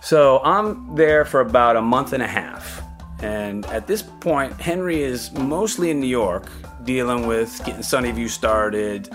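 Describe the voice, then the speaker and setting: A man's voice: mid-range voice, unhurried, faint music behind. An older man casually telling a story from his own past, rambling a little, with fillers and restarts. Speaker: interviewee recalling his music-business career.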